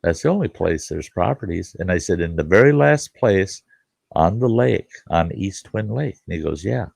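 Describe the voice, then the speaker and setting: A man's voice: low voice, expressive, moderate pace, creaky, darkish tone, slightly rough, no room sound. A middle-aged man hosting a casual chat, telling a folksy story and acting out both sides of a conversation, swearing casually. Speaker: campground host and show host.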